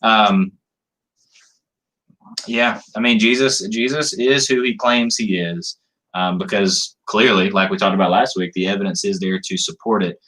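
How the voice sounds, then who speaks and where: A man's voice: fairly low pitch, measured pace, poor audio. A man with a North Carolina Southern accent, talking casually and folksily in a youth ministry discussion. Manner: relaxed, folksy, joking.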